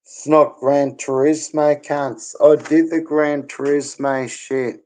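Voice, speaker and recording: A man's voice: on the high side, level tone, takes it slowly, darkish tone, poor audio. A middle-aged Australian man talking crudely and boastfully in casual chat, laughing often. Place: bar.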